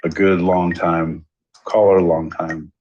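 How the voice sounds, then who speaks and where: A man's voice: low-pitched, level tone, slow, a little mellow, lo-fi sound, a little hiss or hum. A man co-hosting a podcast, hyping up his co-host like a showman in casual banter.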